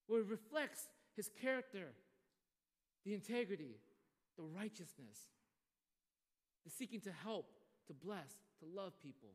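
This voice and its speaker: A man preaching a sermon to a congregation, animated and acting out the people he quotes. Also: sits high, measured pace, long pauses. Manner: animated, acts out quoted voices. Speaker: pastor. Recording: long hall reverb.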